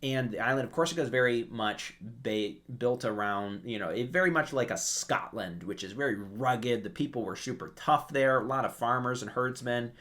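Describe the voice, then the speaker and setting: A man giving casual history commentary, telling stories in an animated way and acting out quotes. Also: medium pitch, moderate pace, few pauses. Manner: animated storytelling, acts out quotes.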